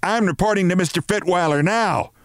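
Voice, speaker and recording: A bossy older woman from an office, loud and shrill, shouting and braying her lines, as a man puts her on in a read-aloud story. Her voice jumps high and swings all over. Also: very animated, unhurried, dry recording, clean studio sound. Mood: furious.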